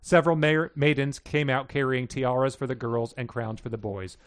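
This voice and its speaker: A man's voice: mid-range voice, steady tone, normal speed, few pauses. A man co-hosting a podcast, chatting casually and reading passages aloud with small stumbles. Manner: reads passages plainly with small stumbles and chuckles. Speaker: podcast co-host reading listener submissions.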